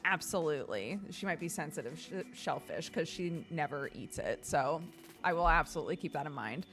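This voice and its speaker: A woman streamer chatting casually with her viewers, telling stories in an animated way with lots of laughter and fillers. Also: low voice, a little fast.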